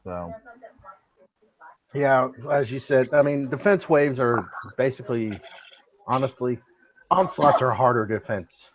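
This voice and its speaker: A man talking casually about a game event on a voice chat, relaxed and easygoing. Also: medium pitch, unhurried, long pauses, highs cut off. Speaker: guest gamer.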